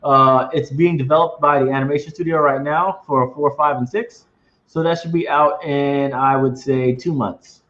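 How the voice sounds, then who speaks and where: A man hosting a casual video-call interview, outspoken and animated, laughing often. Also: mid-range voice, moderate pace, echoey room, highs cut off. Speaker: interview host, comic company head.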